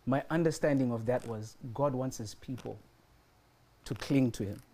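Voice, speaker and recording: A man's voice: medium pitch, normal speed, darkish tone. A man preaching a sermon and telling a personal story, repeating his phrases for emphasis.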